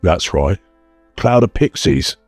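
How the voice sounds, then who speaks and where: Man doing thick-headed sewer jack, blunt and mocking, low voice. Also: animated, takes it slowly, darkish tone, no room sound, heavily acted. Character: dim-witted male sewer worker, mocking. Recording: dry close mic, faint music bed.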